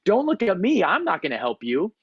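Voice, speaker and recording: A man's voice: sits high, wildly swooping pitch, brisk, husky, dry recording, dull audio, pitched above the performer's own voice, exaggerated voice. A man voicing a loose, easygoing male rock-climbing instructor who talks in nonchalant slang. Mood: teasing alarm.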